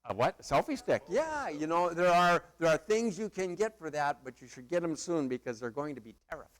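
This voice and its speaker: A man's voice: on the high side, animated, a little fast. A middle-aged male pastor preaching a sermon in a conversational, emphatic way with playful asides.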